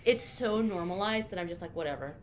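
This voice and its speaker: Young woman, podcast co-host, casual candid storytelling, bright tense voice, faint background noise. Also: medium pitch, expressive, brisk. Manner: candid storytelling, swears freely. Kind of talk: casual chat.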